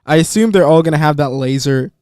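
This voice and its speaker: Male podcast host, fairly high, smooth voice, dry close sound, loose and chatty. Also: fast, darkish tone, no room sound. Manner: chatty, hesitant with frequent ums. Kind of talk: casual chat.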